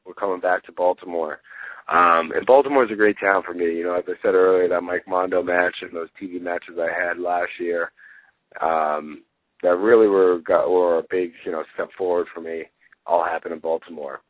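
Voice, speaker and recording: A young adult man, a guest on a wrestling talk show, chatting casually and rambling with plenty of fillers, getting excited as he retells stories. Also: sits low, moderate pace, no room sound. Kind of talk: casual interview chat. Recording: tinny phone line.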